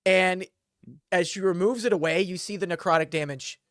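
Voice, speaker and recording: A man's voice: sits high, fairly even intonation, fairly quick, fairly bright tone, dry recording. A man narrating a tabletop game as dungeon master, rambling and full of fillers.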